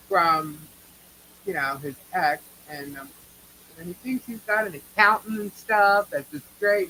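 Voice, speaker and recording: A woman's voice: sits low, pushed and bright, a little hiss or hum, rough recording. A woman with a New York accent co-hosting a live chat, blunt and opinionated, swearing casually as she answers viewers. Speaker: livestream co-host.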